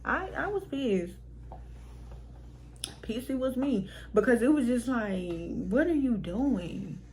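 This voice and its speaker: A woman's voice: on the high side, animated, slow, darkish tone, slight background noise, poor audio. A woman vlogger telling a personal story in casual storytime style, frank and exasperated, swearing freely and laughing between lines.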